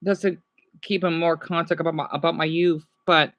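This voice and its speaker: A woman streamer reacting to videos in casual, rambling chat, excitable and talking back to her viewers. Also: low-pitched, moderate pace, no room sound.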